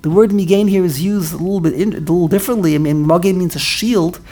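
A woman's voice: fairly low pitch, fast, warm tone. A woman teaching a Bible class in an earnest, explaining way, often repeating and restarting her phrases. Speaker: Torah teacher.

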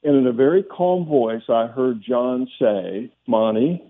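A man's voice: mid-range voice, expressive, measured pace. Ex football guy calling in, telling an old locker room story, sounds like a phone line. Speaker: guest, former football player. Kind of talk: storytelling in a radio interview.

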